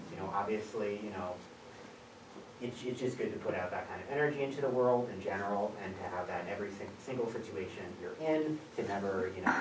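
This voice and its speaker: A young man, a student intern, sharing his thoughts in a workshop with many hesitant fillers. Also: on the low side. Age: young adult. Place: conference room. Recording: echoey room from far off, background noise.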